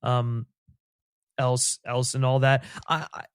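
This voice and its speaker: A man's voice: medium pitch, flat delivery, takes it slowly, clear, resonant tone, dry recording, clean studio sound. A man co-hosting a casual TV recap podcast, rambling and thoughtful, with lots of "like" fillers. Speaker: podcast co-host.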